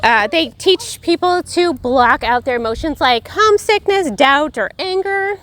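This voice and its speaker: A woman in a casual podcast conversation, her voice a little higher than most. She explains at length in a relaxed, chatty way, with plenty of "like" and "you know" along the way. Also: unhurried. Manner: chatty, explanatory, frequent "like" fillers. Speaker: podcast co-host. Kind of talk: casual chat about cults.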